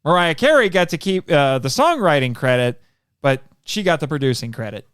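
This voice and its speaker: Animated man hosting a podcast. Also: on the high side, fairly quick, smooth, no echo, studio quality. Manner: animated, playful, corrects himself. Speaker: podcast host. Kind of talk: casual podcast chat.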